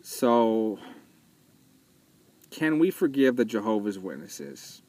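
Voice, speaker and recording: A man's voice: medium pitch, expressive, slow pace, creaky, darkish tone, dry recording. A man talking casually and earnestly as a vlogger, hesitating with fillers and restarts as he retells a film. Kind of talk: casual spoken commentary.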